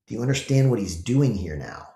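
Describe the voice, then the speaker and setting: A man with a fairly low voice hosts his own commentary show. He talks casually but with emphasis, throwing rhetorical questions at his viewers. His voice rings a little in an echoey room. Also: big pitch swings, a little fast, dark tone. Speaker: host.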